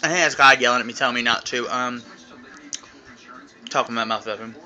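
A man's voice: medium pitch, fairly quick, sharp tone, highs cut off. A man chatting in a casual, rambling vlog from home into his phone, talking while chewing candy. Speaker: vlogger. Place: at home, indoors. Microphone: phone camera.

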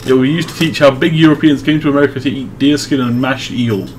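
A man's voice: mid-range voice, fairly even intonation, fast, darkish tone, a little hiss or hum. A young man hosting a casual session, reading absurd script narration dryly and laughing often. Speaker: host.

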